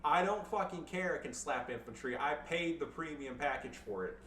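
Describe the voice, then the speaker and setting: A man with a bright, edgy voice talks through his own match in fast, jokey, foul-mouthed game commentary, swinging from calm calls into excited outbursts. He sits a little back from the mic in a roomy, echoing space, with a faint hiss under him. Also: a little high, distant mic. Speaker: gameplay commentator.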